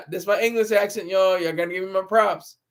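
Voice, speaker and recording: On a casual livestream recorded with his laptop camera mic, a man speaks at a moderate pace in a high voice. He tends to ramble, laughs regularly, and fields questions from his chat.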